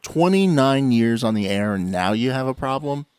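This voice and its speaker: A man's voice: mid-range voice, animated, normal speed, darkish tone, clear, resonant tone, no room sound. A man co-hosting a casual podcast, talking loosely and using lots of fillers. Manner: loose, filler-heavy chatter. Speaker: podcast co-host. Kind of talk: casual chat.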